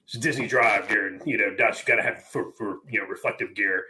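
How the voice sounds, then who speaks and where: A man co-hosting a casual podcast, telling an animated army story and swearing freely. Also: on the low side, fairly quick. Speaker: podcast co-host. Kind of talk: casual chat.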